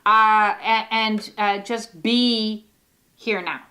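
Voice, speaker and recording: A woman's voice: mid-range voice, steady tone, very slow, sharp tone. A woman giving a casual, rambling oracle card reading, full of fillers and the odd swear word.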